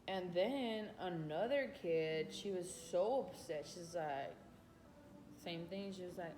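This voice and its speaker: A woman's voice: fairly low pitch, moderate pace, a little mellow, a little hiss or hum. A woman chatting casually about self-growth, retelling classroom exchanges and calling listeners honey. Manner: retells classroom exchanges and talks to her dog; calls listeners honey and baby. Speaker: vlogger. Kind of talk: casual self-help talk. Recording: echoey room.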